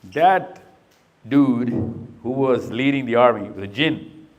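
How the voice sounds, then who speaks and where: A man's voice: medium pitch, slow, highs cut off. A middle-aged man speaking to young people in a live talk, quizzing them patiently and then telling a long story. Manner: questioning, coaxing and storytelling.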